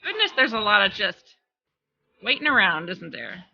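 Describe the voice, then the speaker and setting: A woman's voice: mid-range voice, sing-song, normal speed, vocal fry, muffled recording. A woman hosting a live stream, chatting casually and greeting her viewers by name. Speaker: livestream host.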